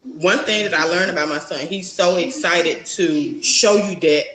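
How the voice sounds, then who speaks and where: A woman's voice: lowish voice, a little slow, fairly bright tone, reverberant, slight background noise, low-quality recording. A woman, a mother and interview guest, talking casually and reflectively, rambling with lots of fillers. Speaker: mother of a young son, guest.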